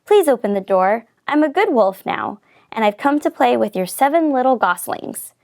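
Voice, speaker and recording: A big, misunderstood wolf from a children's storybook, as a woman reads him aloud. He speaks earnestly and gently, with a slightly gravelly, fairly high tone. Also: lively intonation, moderate pace. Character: misunderstood male wolf, big, gruff but soft-hearted.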